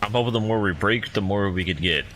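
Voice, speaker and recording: A man's voice: fairly low pitch, fast, fairly bright tone. A man giving rambling, self-deprecating commentary while playing a video game. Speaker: gamer. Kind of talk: casual gameplay commentary.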